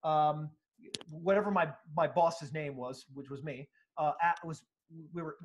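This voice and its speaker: A man with a fairly high speaking voice talks through an interview answer at full energy. He is emphatic and animated, acting out quotes in other voices as he explains a sales method. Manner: animated, emphatic, acts out quotes, occasional profanity. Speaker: sales speaker and author, guest.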